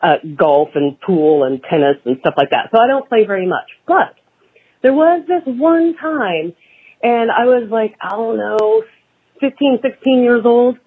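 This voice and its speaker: A woman's voice: on the high side, lively intonation, a little slow, husky. A woman leaving a voicemail, telling a meandering story in a chatty way with frank asides. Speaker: voicemail caller. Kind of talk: rambling phoned-in story. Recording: tinny phone line.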